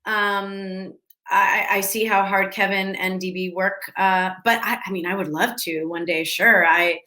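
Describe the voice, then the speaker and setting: Bright, chatty woman in an echoey room. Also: medium pitch, fairly even intonation, unhurried. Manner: rambling, chatty, restarts sentences often. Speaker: actress answering fan questions. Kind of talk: casual virtual Q&A. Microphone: video call.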